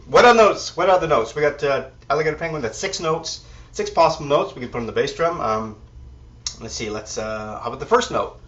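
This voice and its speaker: Male drum instructor, easygoing, thinks out loud; dull, distant recording. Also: a little high, brisk. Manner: relaxed, counts beats aloud, thinks out loud. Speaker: drum teacher. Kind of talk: drum lesson with counting and demonstration. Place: drum kit room. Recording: distant mic, dull sound, loud drums. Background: drums and music.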